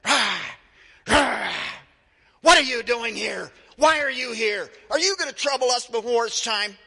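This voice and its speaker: A man voicing violent male demons from the tombs, roaring and shouting at a newcomer. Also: extremely high pitch, animated, a little slow, vocal fry, breathy edge, big-room sound, pitched above the performer's own voice, heavily acted. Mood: raging.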